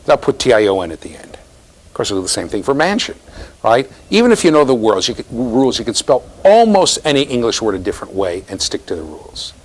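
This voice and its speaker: A man's voice: medium pitch, sing-song, a little fast, rough recording. A man giving a university classroom lecture, teasing students and checking in with "right?".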